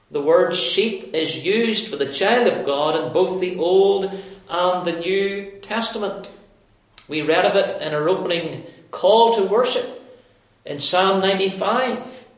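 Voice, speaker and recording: A man preaching a sermon, explaining scripture in a slow, deliberate way with emphatic pauses. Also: high voice. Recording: very echoey room.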